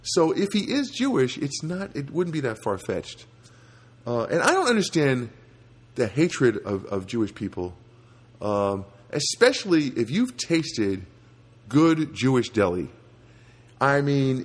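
Man, comedy podcast monologue, software voice filter, rambling, self-interrupting, very lively intonation. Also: fairly high pitch, unhurried, husky. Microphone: home recording setup.

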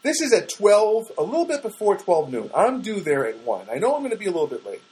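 A man recording a podcast alone in his studio apartment, telling a rambling story with mounting exasperation. His voice sits a little high and swoops up and down a lot as he vents. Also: wildly swooping pitch, fast, darkish tone, poor audio. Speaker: solo podcaster. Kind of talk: casual monologue.

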